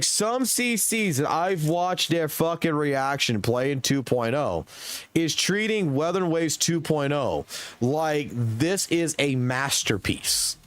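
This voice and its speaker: A man streaming live, giving blunt, slangy commentary on a game with heavy swearing. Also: a little high. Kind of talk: casual ranting commentary.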